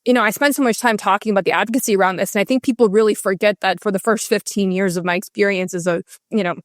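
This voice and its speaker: A woman guest in a candid interview, talking with passion and emphasis, in rushes with many restarts. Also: medium pitch, fairly even intonation, no echo, studio quality. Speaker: guest author.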